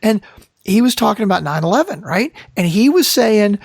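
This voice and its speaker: A man co-hosts a podcast, ranting with indignant sarcasm. His voice has a gravelly, creaky edge. The sound is close and dry. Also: sits high, big pitch swings, moderate pace, no echo. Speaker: podcast co-host. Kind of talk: casual chat.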